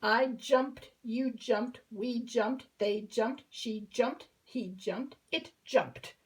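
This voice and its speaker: A woman teaching English verbs to children, with patient, slow explanations that drill each verb form through a list of pronouns. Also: on the high side, low-quality recording.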